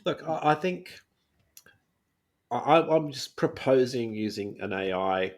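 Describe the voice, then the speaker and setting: A man's voice: mid-range voice, measured pace. A man of about sixty, co-hosting a casual podcast chat and chuckling often. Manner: chuckles often, relaxed banter. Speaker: podcast co-host.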